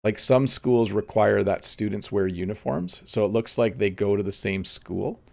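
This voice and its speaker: Gravelly-voiced man teaching casually. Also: lowish voice, moderate pace. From Canada. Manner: relaxed, thinking aloud with frequent ums. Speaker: English teacher. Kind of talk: live-streamed casual lesson.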